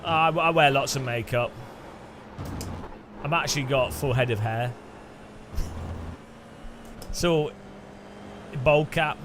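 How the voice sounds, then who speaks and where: A man's voice: mid-range voice, slow, long pauses, background noise. A man streaming sim racing, chatting casually and rambling with chuckles while answering his chat.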